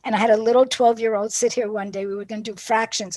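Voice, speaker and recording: A woman teacher trainer with a somewhat high voice gives a professional development talk. She tells classroom stories in a lively way and acts out both sides of the dialogue. The sound is dry and close. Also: fast, dry recording.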